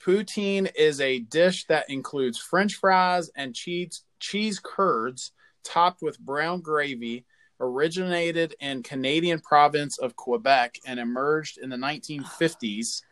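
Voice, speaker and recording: Joking man, slightly high. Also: slow, a bit bright. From American South. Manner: joking, self-deprecating, hesitant with fillers. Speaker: podcast co-host. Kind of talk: casual chat.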